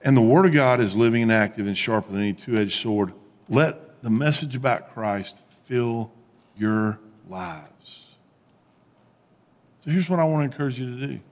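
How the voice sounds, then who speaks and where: A man preaching a sermon as pastor, animated, with rising emphatic peaks and quiet low asides. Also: big-room sound.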